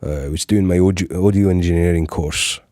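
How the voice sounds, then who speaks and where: Un hombre de Chipre, locutor invitado en una entrevista de pódcast, que habla con seguridad y calma. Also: male voice, low voice, a little fast, dry recording, clean studio sound. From Cyprus. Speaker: guest, voiceover artist. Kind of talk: casual podcast interview.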